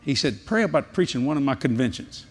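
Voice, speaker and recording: A man's voice: medium pitch, quick pace, slight background noise. Folksy preacher, older man. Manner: folksy, animated, drawling storyteller. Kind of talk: sermon with storytelling and prayer. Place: large convention hall.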